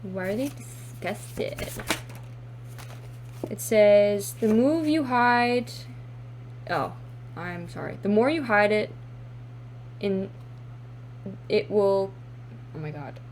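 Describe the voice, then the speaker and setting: A woman's voice: medium pitch, lively intonation, slow, long pauses, darkish tone, a little hiss or hum. A woman doing a casual tarot card reading to camera, thinking aloud with sassy exclamations and casual swearing. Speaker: tarot reader.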